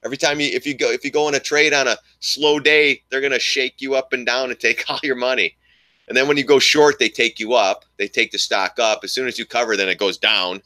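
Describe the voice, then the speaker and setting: A man's voice: medium pitch, fairly even intonation, fairly quick, bright, forceful tone, no echo. A man giving casual live commentary on his stock trades, rambling and thinking aloud as he talks to his viewers. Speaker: stock trading streamer.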